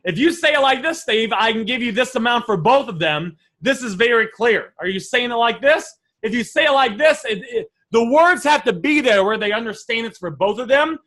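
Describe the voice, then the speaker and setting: A man coaching a live class on sales offers, energetic and repetitive, often calling his listeners guys. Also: very high-pitched, normal speed, hardly any pauses. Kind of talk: live online teaching session.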